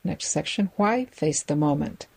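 A woman reading a magazine aloud in a measured way, describing its photos with the odd aside. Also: low voice, animated, gravelly, a little mellow, husky, rough recording. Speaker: reader of a magazine for listeners.

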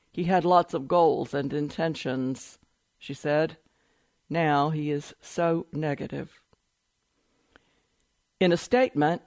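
A man reading a news article aloud in an even, measured way. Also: a little high, no echo. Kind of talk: read-aloud news report.

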